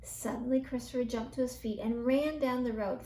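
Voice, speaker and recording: A woman reading a children's bedtime story aloud in an expressive storyteller's manner. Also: on the high side, recorded from a distance, slight background noise. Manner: slow, expressive read-aloud. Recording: roomy echo.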